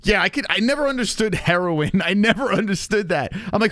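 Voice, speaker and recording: A man's voice: high voice, lively intonation, brisk, few pauses, a bit bright, no room sound. A man hosting a livestream, reacting to a clip with crude, mocking commentary and frequent laughter. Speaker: livestream host.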